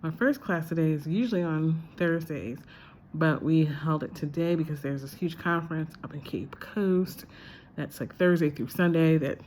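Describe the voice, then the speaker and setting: Low-voiced woman in a chatty vlog. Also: normal speed, a little mellow, slight background noise. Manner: chatty, reflective, many fillers. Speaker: visiting lecturer. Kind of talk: casual spoken diary.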